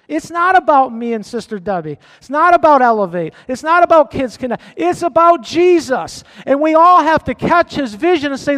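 A male pastor delivers a sermon in a church sanctuary, his voice riding very high for a man. He presses his points with repeated phrases and rising emphasis, and the room answers with a long, ringing reverb. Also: moderate pace. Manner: preaching with rising emphasis and repetition.

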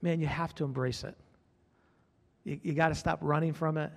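A man's voice: fairly high pitch, fairly even intonation, moderate pace, gravelly, big-room sound. A man preaching a sermon as pastor, fervent, repeating his phrases and calling out to the congregation.

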